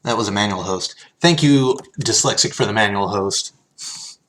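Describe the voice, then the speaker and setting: A man's voice: fairly low pitch, normal speed, fairly bright tone. A man casually chatting on a live stream, reading card text aloud and thanking viewers as he opens packs.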